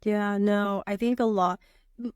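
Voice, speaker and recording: A woman's voice: mid-range voice, steady tone, a little slow, darkish tone, smooth, no echo, studio quality. Chatty young woman, laughs easily. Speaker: physician assistant, podcast guest. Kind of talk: casual conversational podcast.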